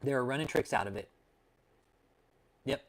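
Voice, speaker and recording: Man, livestream host, casual and foul-mouthed, mid pitch, chuckles a lot. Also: a little slow. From Texas. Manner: profane and laid-back, calls people dude and man; laughs often at his own jokes. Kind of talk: casual livestream chat with viewers.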